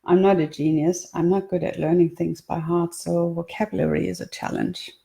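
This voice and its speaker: A woman's voice: on the low side, steady tone, moderate pace, creaky, dark tone. A woman voicing a curious, playful young woman who eagerly asks questions.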